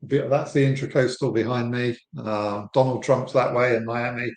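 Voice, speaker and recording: A man's voice: medium pitch, fairly even intonation, moderate pace, reverberant. An English man in his fifties, a company founder, chatting easily and good-humouredly as a podcast guest. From England. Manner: easygoing, friendly, laughs lightly. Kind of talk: casual interview chat. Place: home room in Florida.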